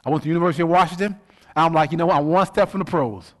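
A man's voice: on the high side, racing. A middle-aged man preaching a sermon, telling stories and asking rhetorical questions. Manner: animated storytelling, rhetorical questions. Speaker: pastor.

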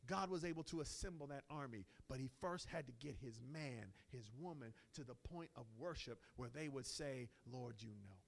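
A man preaching a sermon, swinging from slow, soft quoted prayers up to loud, exclaimed lines. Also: medium pitch, gravelly.

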